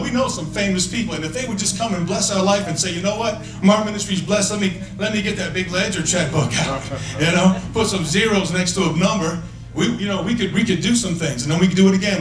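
A man's voice: sits high, fast talker, over music. A male evangelist preaching prophetically to individuals, emphatic and playful, often repeating "listen" and laughing between points. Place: church conference hall. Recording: echoey hall, mic from far off.

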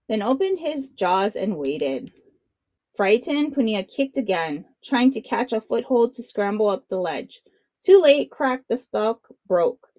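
A woman reading a children's picture book aloud with expressive, dramatic narration. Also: on the high side, no room sound. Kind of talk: read-aloud storytelling for children.

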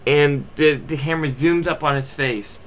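Young male amateur reviewer, bright tone, loose unscripted rambling. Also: fairly high pitch, moderate pace. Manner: rambling, full of fillers and restarts. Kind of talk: casual movie review.

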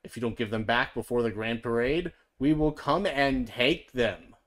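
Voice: medium pitch, lightly acted. A reader growling as angry jungle animals. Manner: growling, loud and slow. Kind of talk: storybook read-aloud.

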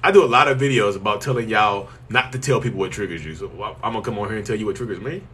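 A man's voice: lowish voice, rapid-fire, a bit bright. A man hosting a casual live stream, answering viewers bluntly and joking with them. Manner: blunt, joking, teasing, colloquial, talks straight to viewers as "y'all".

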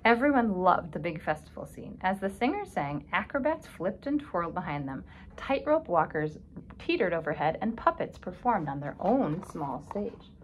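A woman reading a children's picture book aloud, expressive and stopping to ask her young listeners questions. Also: on the low side, moderate pace, slight background noise, low-quality recording. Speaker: storybook reader.

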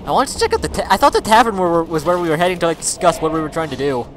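A man giving let's play commentary. He is excitable, swears a lot and yells at his game companion. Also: fairly high pitch, racing, a little hiss or hum. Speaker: gaming video creator.

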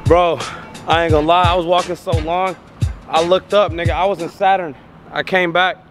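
A man's voice: high voice, level tone, brisk, music in the background. A young man vlogging outdoors on city streets, joking and teasing his dog in comedic banter. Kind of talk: comedic walking vlog.

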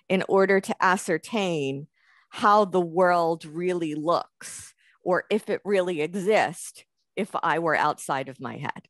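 A woman gives an academic lecture, her voice sitting low. She talks in a loose, conversational way, thinking aloud with fillers and restarts. The sound is dry, with no room around it. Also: a bit bright, no echo. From United States.

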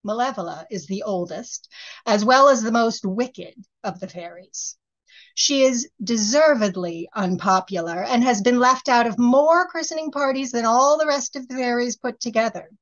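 Woman reading a fairy story, measured and expressive, audio kinda dull. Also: a little high. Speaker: reader. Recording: slightly muffled recording.

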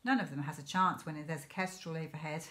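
A woman voicing a cheerful father in a storybook reading, speaking in a gentle, wry manner. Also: sits low, fast talker. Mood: easy. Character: cheerful father, calm and playful man.

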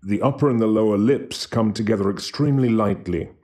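Low-voiced man teaching pronunciation. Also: darkish tone. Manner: slow, careful demonstration of pronunciation. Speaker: language teacher. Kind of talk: scripted language lesson.

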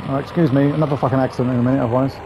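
A man's voice: mid-range voice, steady tone, racing, dull audio. A man hosting a gaming channel, giving chatty, profane, grumbling let's-play commentary. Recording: game engine noise behind voice.

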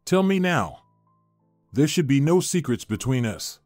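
A man's voice: mid-range voice, big pitch swings, unhurried, darkish tone, no echo, soft background music. A man voicing a devoted, determined young wife who turns from indignant to tender, in a storybook reading. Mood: pressing.

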